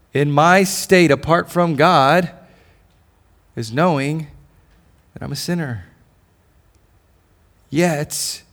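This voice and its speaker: Male pastor, higher-pitched voice, passionate sermon delivery, rhetorical questions, stumbling restarts. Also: a bit bright. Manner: impassioned preaching with repeated questions and stammered restarts. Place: church service.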